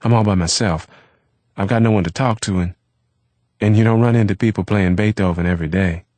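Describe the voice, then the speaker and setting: A man voicing an eager, lonely young American from the South, with a quick, eager delivery. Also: fairly low pitch, lively intonation, dry recording, pitched above the performer's own voice.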